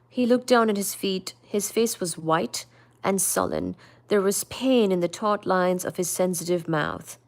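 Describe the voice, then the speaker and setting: Slow, measured woman reading aloud. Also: mid-range voice. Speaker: book reader on a live stream.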